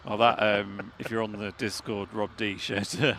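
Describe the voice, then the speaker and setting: A man's voice: on the low side, little pitch movement, normal speed, a bit bright, slight background noise. A man co-hosting a live stream outdoors, bantering, joking and thanking viewers. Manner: jokey, banters and laughs. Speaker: livestream co-host. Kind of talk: casual live commentary. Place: outdoors by an airport runway.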